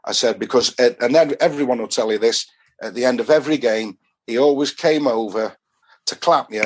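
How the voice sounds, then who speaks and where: A man's voice: mid-range voice, brisk. A man from Doncaster with a Yorkshire accent, a football fan guest telling long rambling anecdotes and acting out what people said to him. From Doncaster, England. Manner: rambling storyteller who acts out quoted dialogue.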